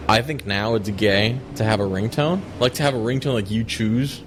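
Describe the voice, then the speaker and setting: A man's voice: on the low side, moderate pace, background noise. A man hosting a comedy podcast, telling rambling, profane stories packed with "like.". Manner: rambling, profane storytelling with lots of "like". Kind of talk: casual chat.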